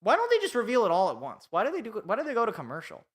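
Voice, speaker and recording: A man's voice: high-pitched, wildly swooping pitch, very fast, fairly bright tone, breathy edge. A young man hosting a live sports podcast alone, ranting in an exasperated, sarcastic way.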